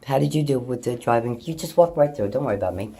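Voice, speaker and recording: A middle-aged woman talks fast in an extremely low, mellow, expressive voice, with a little hiss or hum on the recording. Holding her phone at home indoors, she rambles casually to camera, swears freely and addresses her pets.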